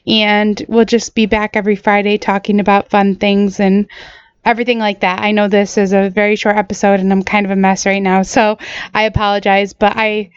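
A woman hosting her own podcast, talking earnestly and haltingly, choked up and apologetic. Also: medium pitch, little pitch movement, clean tone, no room sound, lo-fi sound. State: choked up, voice sounds different. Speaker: podcast host. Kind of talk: solo podcast talk.

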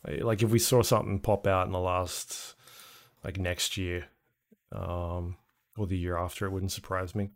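A man co-hosting a podcast, chatting casually about game news with a relaxed, hesitant delivery and plenty of ums. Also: low voice, unhurried. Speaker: podcast co-host. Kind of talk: casual gaming news chat.

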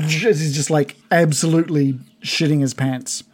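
A man's voice: fairly high pitch, unhurried, a little mellow. A man running a tabletop game as game master, narrating in a rambling, giggly way with many fillers.

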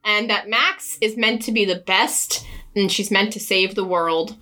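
A woman's voice: mid-range voice, a little slow, bright, forceful tone. A young woman casually recapping a book on a podcast, chatty and sarcastic, laughing often. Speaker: podcast co-host.

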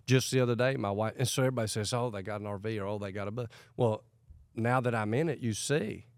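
Halting pastor host, lowish voice. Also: male voice, no echo, clean studio sound. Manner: rambling, halting question-asker. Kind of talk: casual interview.

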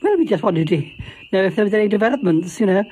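A gushing, affectionate older lady rings up for news, her voice lilting high and swooping about, as a man does the voice. She is fussy and sweet, calling everyone darling, over a faint hiss. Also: expressive, fast talker, darkish tone.

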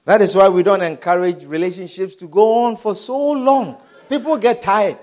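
A man preaching a sermon, animated and often asking the congregation whether they understand. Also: high voice, moderate pace. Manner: animated, repeatedly asks "Do you understand?".

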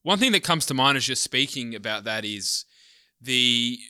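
A man's voice: mid-range voice, animated, normal speed, bright, forceful tone, dry recording. Man, Australian accent, political interview host, affirming, long questions, dry close sound.

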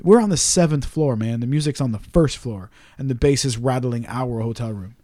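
A man's voice: medium pitch, normal speed, mellow, dry recording. A man telling a long story on a casual podcast chat, swearing often and ranting in exasperation.

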